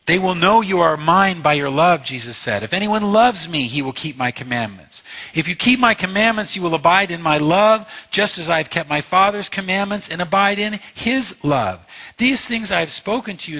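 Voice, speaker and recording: Impassioned husky-voiced male preacher. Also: a little high, lively intonation, moderate pace, bright, forceful tone. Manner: impassioned, emphatic preaching with repeated phrases. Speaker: pastor. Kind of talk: sermon.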